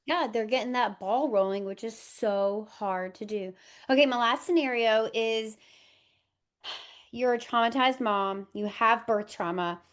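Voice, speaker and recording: A woman hosting a casual podcast interview. She is blunt and outspoken, and she is quick to crack a joke or laugh along. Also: a little high. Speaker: podcast host.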